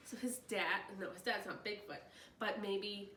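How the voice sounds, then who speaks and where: Female storyteller, expressive, breaking in with excited asides; roomy sound, faint noise. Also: medium pitch, unhurried, far from the mic. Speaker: reader, channel host. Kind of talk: reading a novel aloud.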